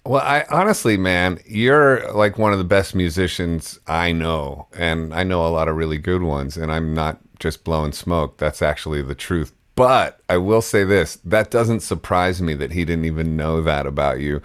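A man's voice: deep voice, normal speed, few pauses, smooth, dry recording, clean studio sound. A man hosting a radio show, interviewing a guest and heaping praise in an effusive way. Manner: effusive and complimentary.

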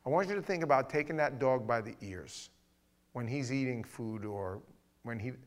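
At a moderate pace and medium pitch, a middle-aged pastor delivers a sermon built around stories. He's animated throughout, imitating the voices of the people he describes.

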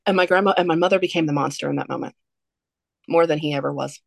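A woman speaks as a podcast guest, telling a personal story in a candid, earnest way. Her voice sits low, with a gravelly fry on many words. The sound is dry and close. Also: quick pace, no room sound. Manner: candid, earnest, steady through a heavy story.

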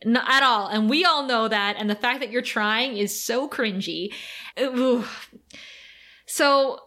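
A young woman hosting a podcast, recapping an episode in casual, animated chat with laughter and swearing. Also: on the high side, takes it slowly. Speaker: podcast host.

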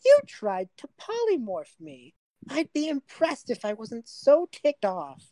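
A woman's voice: sits high, wildly swooping pitch, a little slow, dark tone, no echo, pitched above the performer's own voice, exaggerated voice. A woman voicing a smug, annoyed male fae trickster who sneers and sulks. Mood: irritated. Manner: petulant, sneering.

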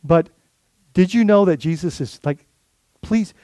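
A man's voice: sits high, unhurried, darkish tone, no room sound. A male lead pastor preaching a sermon in a conversational way, full of rhetorical questions and restarts.

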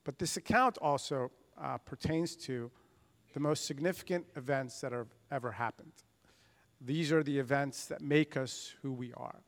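A man's voice: medium pitch, moderate pace. A man preaching a sermon with earnest, emphatic delivery, acting out the voices of scripture figures. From United States. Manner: earnest preaching with emphatic swells and dramatized quotes. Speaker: pastor. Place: church sanctuary. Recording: long reverb of a church hall.

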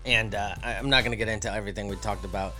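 A man's voice: fairly low pitch, steady tone, rapid-fire, sharp tone, faint music behind. A man co-hosting a podcast, telling a story in casual chat, rambling with many fillers and restarts. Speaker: podcast co-host.

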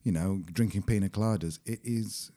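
A man in his forties co-hosts a podcast, chatty, jokey, and self-mocking in casual conversation. His voice is on the low side and mellow, at normal speed.

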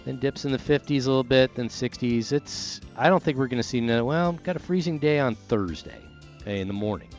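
A man's voice: mid-range voice, fairly quick, hardly any pauses, soft background music. Chatty Texan radio host, man. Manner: chatty, animated, rambling. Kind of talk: casual radio chat and live read.

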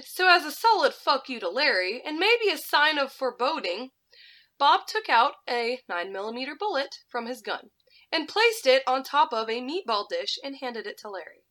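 A woman casually telling a story on a podcast, animated, laughing and swearing freely. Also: high-pitched, moderate pace. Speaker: podcast co-host.

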